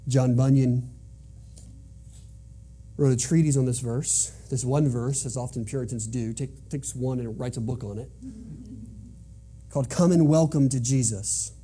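Earnest man preaching, mellow husky voice. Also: medium pitch, unhurried, pauses often. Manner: earnest, emphatic repetition. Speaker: pastor. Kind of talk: sermon.

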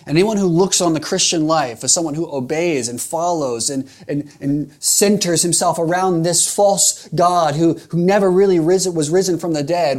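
A man's voice: a little high, moderate pace, hardly any pauses, darkish tone. A man preaching a sermon in an earnest, emphatic way, repeating phrases for rhetorical weight.

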